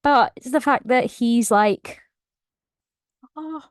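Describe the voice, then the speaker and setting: A woman excitedly recapping a novel in a casual, emotional way, laughing often. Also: mid-range voice, unhurried, no room sound, clean studio sound. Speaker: book channel host.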